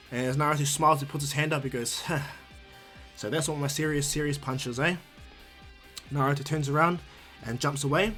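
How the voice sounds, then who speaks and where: A man's voice: on the high side, fairly bright tone. A man casually narrating a fan-made anime story for his channel, rambling, restarting words and adding "you know". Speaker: YouTube storyteller.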